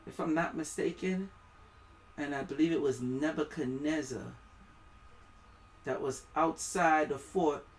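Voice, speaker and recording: A man's voice: a little high, a little slow, long pauses, slight background noise. A man with a West Indian accent giving rambling, preachy live-stream commentary, reading aloud and stumbling over words.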